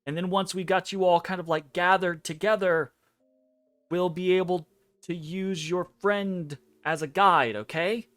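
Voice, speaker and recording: A man voicing a tense, blunt dream guide who talks quickly and sounds edgy. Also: high voice, fairly even intonation, a bit bright, smooth, no echo, voice pushed up. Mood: impatient. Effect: meant to sound muffled.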